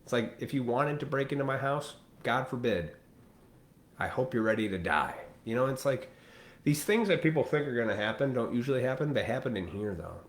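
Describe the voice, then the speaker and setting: Expressive and fairly quick, this medium-pitched man sounds reverberant as he hosts a live stream. His rant to viewers is blunt, profane and preachy, with imitations of people in quoted asides.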